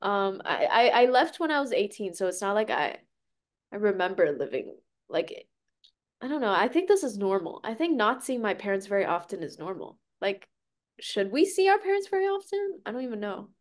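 A woman in her twenties from Beijing with an American accent, native in Mandarin, chats as an interview guest. Her pitch moves up and down a lot as she answers in a breezy, offhand way. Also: sing-song, moderate pace. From Beijing, China. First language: Mandarin Chinese. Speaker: content creator, guest. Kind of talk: casual interview.

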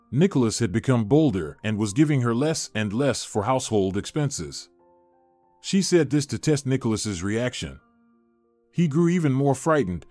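A man reading a story in scripted narration, with a steady, even delivery. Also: mid-range voice, no echo. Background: soft background music.

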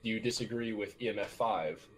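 A man's voice: lowish voice, a little fast, husky, rough recording. A man in casual chat with friends while playing a game, playful and teasing. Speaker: gamer.

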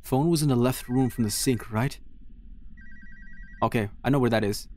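A man's voice: medium pitch, normal speed, warm tone, slight background noise. A man streaming a horror game, talking casually to himself and reading the game's text aloud as he plays. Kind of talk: casual let's-play commentary.

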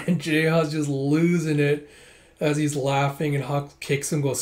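A man's voice: on the high side, fairly even intonation, unhurried, a little mellow. Chatty man reading a manga aloud. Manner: chatty, laughs often while reading. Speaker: manga reader, video host. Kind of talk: casual manga readthrough.

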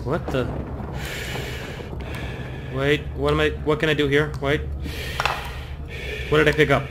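In a slightly high voice with a level tone and measured pace, a young gaming YouTuber plays a horror game, nervous and jumpy. He talks to himself while searching and reads notes aloud over game music and a noisy background.

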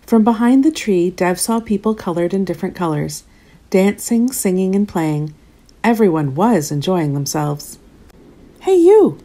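A woman narrating a children's storybook aloud in an expressive, animated way. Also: on the low side, moderate pace.

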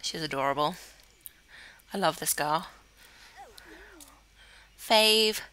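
A woman's voice: low-pitched, slow, pushed and bright. A young woman with a Cornish accent chatting casually over her gameplay, coaxing her character along, sometimes dropping to a whisper. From Cornwall, England. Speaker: gameplay YouTuber. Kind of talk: casual let's-play commentary.

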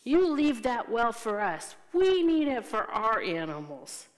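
A woman voicing a group of grown-men neighbors in a children's Bible story, speaking louder and more insistently. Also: fairly high pitch, big pitch swings, a little slow, in a large hall. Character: the neighbors, a group of grown men, first angry then friendly.

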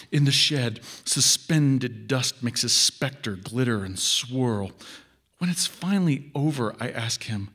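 Author guy reading his own story, measured and expressive, middle pitch voice. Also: slightly rough. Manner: measured, expressive first-person narration.

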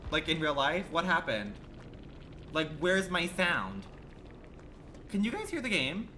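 A man's voice: a little high, huge pitch swings, measured pace, pushed and bright, slight background noise. A man livestreaming a game, chatting with his viewers in a sassy, campy, profane way, full of rambling rhetorical questions. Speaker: gaming livestreamer. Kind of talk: casual stream chat.

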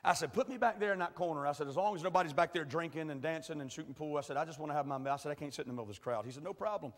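A man preaching a sermon and telling a folksy story, dropping to quiet asides and rising to shouted preaching. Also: on the high side, rapid-fire. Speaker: pastor. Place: large church hall. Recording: echoey church hall.

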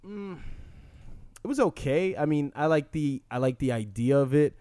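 A man's voice: fairly high pitch, lively intonation, moderate pace, dark tone, no echo. A man co-hosting a casual podcast, answering in a laid-back way with short reactions. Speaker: podcast co-host.

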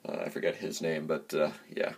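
A man giving a casual movie review, pausing often with filler sounds as he gathers his thoughts. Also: extremely low pitch, completely flat delivery. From United States. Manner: halting, many filler pauses. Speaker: film reviewer.

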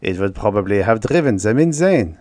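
A man voicing an excitable middle-aged male German physicist with a German accent, eagerly explaining. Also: lowish voice, normal speed, dry recording, natural voice. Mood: excited.

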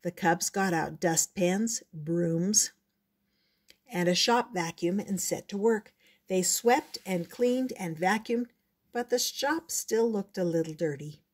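An older woman reading a children's picture book aloud, gentle and measured. Her voice sits low and comes through husky and breathy. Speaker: storyteller. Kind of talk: storybook read-aloud.

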